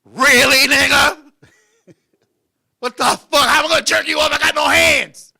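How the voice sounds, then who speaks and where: An indignant, incredulous woman with no arms, as a male comedian puts her on in a crude comedy bit. The voice stays close to his own: high, bright and sharp. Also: fairly even intonation, normal speed, creaky, heavily acted. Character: exasperated woman with no arms, complaining.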